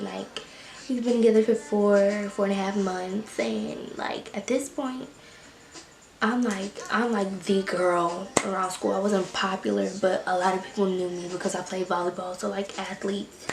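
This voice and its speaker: A young woman vlogger telling a story time, animated and slangy with quick bursts of emphasis. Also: medium pitch, gravelly. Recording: roomy echo with faint music.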